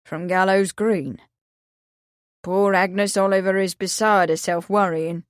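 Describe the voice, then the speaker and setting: A gloomy old countryman speaks in a low, slow, sorrowful drawl, a woman putting him on. The recording is dry and close, with no room sound. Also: animated, dry recording. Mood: mournful. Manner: slow, mournful, lowered voice.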